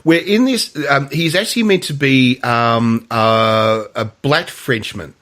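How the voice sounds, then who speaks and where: Speaking a little slowly in a medium-pitched, somewhat bright voice, a man co-hosts a podcast about films. The chat is casual and rambling, full of restarts and stammered repeats, with frequent laughter and raised-voice impressions of film lines.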